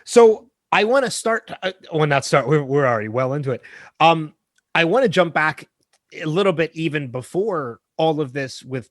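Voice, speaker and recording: A man's voice: a little high, no echo, clean studio sound. A man co-hosting a podcast in casual chat, rambling and correcting himself as he theorizes. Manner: animated, rambling, self-correcting. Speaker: podcast co-host.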